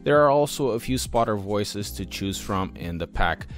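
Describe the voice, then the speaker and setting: A man's voice: on the low side, expressive, normal speed, soft background music. A man giving a scripted, explanatory voice-over review of a sim racing app. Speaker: sim racing channel host.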